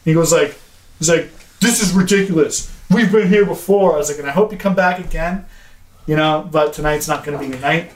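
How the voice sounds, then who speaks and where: A man telling a story in casual podcast chat, animated, acting out dialogue and swearing often. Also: on the high side, fairly quick. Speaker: podcast co-host. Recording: echoey room.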